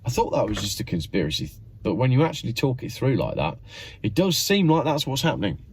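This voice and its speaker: A man's voice: medium pitch, sing-song, fast, a little hiss or hum. A man hosting his own channel, giving sarcastic, mock-exasperated commentary. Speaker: channel host.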